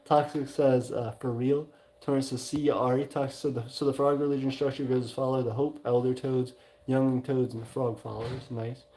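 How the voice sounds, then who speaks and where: A man's voice: medium pitch, flat delivery, brisk, warm tone, a little hiss or hum. A man with a Southern US accent hosting a livestream, reading viewer messages aloud in a casual, hesitant way with many fillers. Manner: hesitant, many "uh" fillers, reacts with mild exclamations. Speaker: livestream host.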